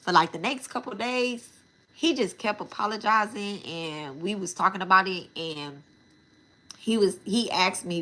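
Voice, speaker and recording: Woman w/ aave storytelling casually, bright sharp voice, swears a lot, keeps saying y'all. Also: medium pitch, moderate pace. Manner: animated, profane, addresses listeners as y'all. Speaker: spiritual channel host.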